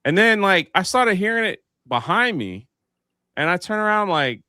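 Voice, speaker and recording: A man hosts a live panel chat and tells his anecdotes with lots of life, acting out each voice along the way. His voice sits a little high and bright, swinging widely in pitch. The sound is close and dry. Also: sing-song, normal speed, no room sound. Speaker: live show host. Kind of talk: casual panel chat, storytelling.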